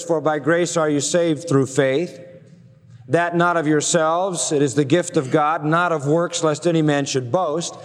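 A man's voice: a little high, big-room sound. A man preaching a sermon, emphatic and driving, often using rhetorical questions. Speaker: pastor.

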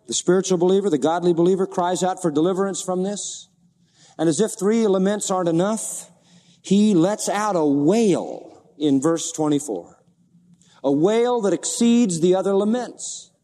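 A man preaches a sermon in a church sanctuary, his mellow, slightly higher-than-average voice trailing off into a long hall reverb. He reads scripture with dramatic swells and keeps pressing his listeners with rhetorical questions. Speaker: pastor.

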